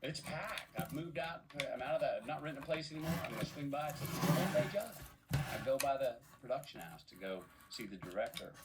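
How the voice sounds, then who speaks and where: A man's voice: medium pitch, fast talker, few pauses, recorded from a distance, very noisy. A man, a podcast guest, telling long rambling stories in casual chat with lots of restarts. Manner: rambling, animated storyteller with many restarts.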